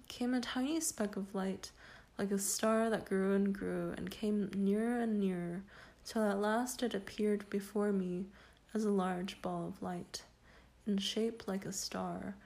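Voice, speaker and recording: Woman reader, dramatic audiobook narration, very unhurried, warm and mellow. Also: medium pitch. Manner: slow, measured, solemn delivery.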